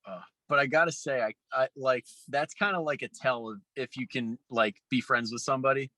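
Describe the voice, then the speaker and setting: A man hosting a podcast, chatting casually about training and comedy, relaxed and joking with lots of fillers. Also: medium pitch, brisk, no echo, low-quality recording. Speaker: podcast host, strength coach.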